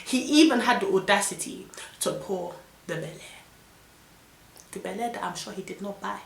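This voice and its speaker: A young woman with a London accent telling an animated, indignant storytime vlog full of slang. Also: medium pitch, moderate pace, vocal fry, echoey room. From London, England. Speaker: vlogger.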